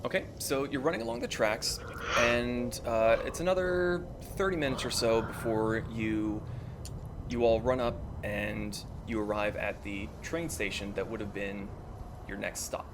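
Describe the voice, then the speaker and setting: A man narrating a tabletop game as game master, describing scenes in an unhurried way with many fillers. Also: fairly low pitch, fairly even intonation, background noise.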